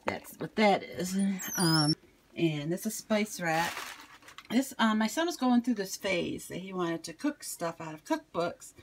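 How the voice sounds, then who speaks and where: A woman's voice: on the low side, animated, a little slow, background noise. A middle-aged woman with a slight Southern accent, chatting casually with many ums as she shows her kitchen on a handheld camera. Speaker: vlogger. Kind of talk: casual home tour chat. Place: home kitchen. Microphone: handheld camera moved around while talking.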